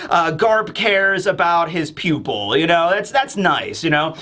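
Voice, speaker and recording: A man's voice: on the high side, expressive, measured pace, sharp tone. A man doing a gushing woman officer. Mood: fond. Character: sweet, fond woman marine officer.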